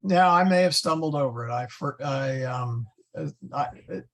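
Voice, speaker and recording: A man teaching a Latin class, slowly going through verb forms and correcting his own slips. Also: a little high, fairly bright tone. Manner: slow, patient, stumbles and self-corrects; spells out Latin forms one by one. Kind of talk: classroom lesson.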